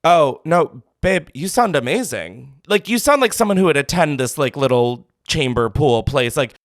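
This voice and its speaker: A man hosting a call-in show, his voice pitched a little high and swinging wildly as he reacts. He is campy and over the top, and the sound is dry and close. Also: animated, moderate pace, dry recording. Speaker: podcast host taking calls. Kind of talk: casual call-in chat.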